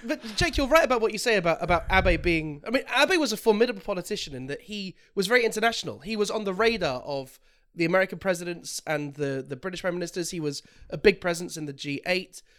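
A man's voice: high-pitched, expressive, quick pace, a bit bright. A man in casual chat, earnestly building a point and repeating words as he goes.

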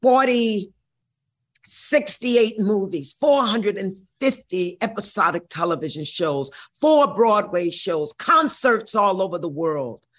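A woman from Missouri, in her sixties, shares her life story in an interview with a brassy, profane flair for drama. Her medium-pitched voice is animated and fairly bright, and she speaks slowly.

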